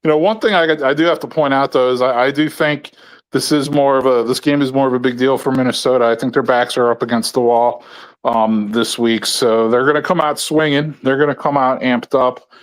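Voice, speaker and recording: A man weighing up a game on a sports podcast. He talks in a thoughtful, hedging way, using fillers, at a mid pitch. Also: steady tone, brisk. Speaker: podcast guest analyst. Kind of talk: casual sports analysis.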